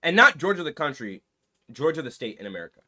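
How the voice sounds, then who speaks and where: A man's voice: fairly high pitch, big pitch swings, fast, bright, forceful tone. A man giving casual reaction commentary, slangy and full of "bro". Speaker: commentary creator.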